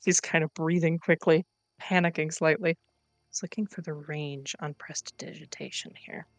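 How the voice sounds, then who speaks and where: A woman's voice: low-pitched, steady tone, normal speed, dry recording. A woman player, dry close sound. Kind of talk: casual tabletop play.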